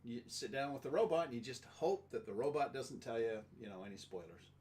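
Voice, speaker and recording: A man's voice: mid-range voice, lively intonation, darkish tone. A man co-hosting a podcast, chatting casually with his wife and acting out little dialogues. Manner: jokey, acts out quick back-and-forth dialogues. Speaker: podcast co-host. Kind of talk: casual chat.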